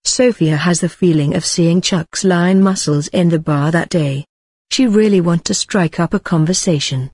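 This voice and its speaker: Husky, low-voiced woman, even synthetic-sounding story narrator, dry close sound. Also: moderate pace, no echo.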